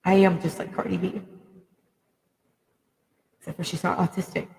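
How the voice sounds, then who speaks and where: A woman's voice: lowish voice, level tone, normal speed, gravelly, darkish tone, long reverb tail, rough recording. A woman giving a raw, emotional personal monologue to viewers, speaking bluntly and swearing freely.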